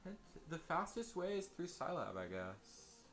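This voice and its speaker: A man's voice: fairly high pitch, big pitch swings, a little slow, a bit bright. A young man casually commentating a game on stream, chatty and rambling, laughing at himself as he goes. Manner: rambling, chatty, self-deprecating with frequent laughs. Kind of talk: casual let's-play commentary. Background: faint game music.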